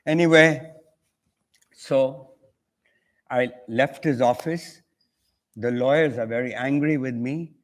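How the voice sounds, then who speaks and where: An older author with an Indian English accent tells a story at a measured, unhurried pace. He acts out the other people's lines as he goes, with a pitch that sits in the middle for a man. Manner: acts out dialogue in an anecdote. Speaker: author and conference guest. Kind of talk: storytelling on a panel.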